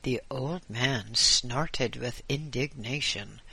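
Slow, husky male audiobook narrator. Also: medium pitch, sharp tone, no echo. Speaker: audiobook reader. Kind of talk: scripted narration.

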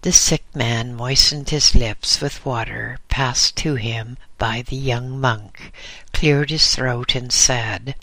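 A man reading an audiobook aloud in a slow, deliberate way. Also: mid-range voice, steady tone, sharp tone, no echo. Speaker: audiobook reader. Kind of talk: audiobook narration.

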